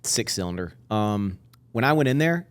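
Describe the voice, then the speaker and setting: A man's voice: fairly low pitch, big pitch swings, moderate pace, dry recording. A man co-hosting a podcast in casual chat, curious and asking lots of loose questions. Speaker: podcast co-host.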